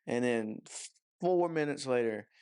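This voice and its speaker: A man's voice: medium pitch, lively intonation, measured pace, a little mellow, smooth. A man giving a casual, rambling movie review, mocking and profane, with lots of "you know" and "I don't know" fillers.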